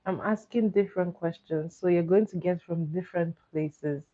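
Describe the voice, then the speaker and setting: A woman's voice: lowish voice, normal speed. Woman hosting trivia on a lo-fi stream. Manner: coaxing, reads questions out to chat and repeats them. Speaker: livestream host running trivia. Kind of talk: casual live trivia chat. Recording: dull lo-fi stream audio.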